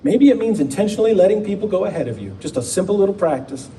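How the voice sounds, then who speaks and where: Man, pastor, conversational sermon, playful asides, slow emphatic pauses, slightly distant mic. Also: high voice, very animated, warm tone. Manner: conversational preaching with dramatic slowdowns and playful asides. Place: church sanctuary. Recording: distant mic with faint background noise.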